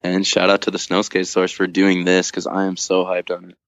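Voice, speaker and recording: Man, very low voice, creaky, casual podcast guest, rambling with fillers, swears and laughs. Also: monotone, a little fast, no echo, dull audio. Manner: loose, filler-heavy, swears often, laughs through funny parts. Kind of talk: casual storytelling chat.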